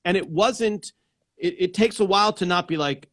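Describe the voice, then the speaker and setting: A man's voice: high-pitched, normal speed, a bit bright. A man hosting a casual live interview over a video call, rambling and restarting his sentences as he talks. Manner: rambling, restarts sentences, repeats "yes" and "yeah". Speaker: host.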